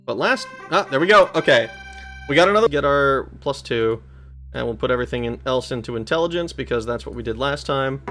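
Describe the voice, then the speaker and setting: A man's voice: mid-range voice, animated, a little fast, sharp tone, soft background music. Foul-mouthed male gamer streaming commentary. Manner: swears heavily, easily frustrated, talks to chat. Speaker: streamer playing a retro role-playing game. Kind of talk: let's play commentary.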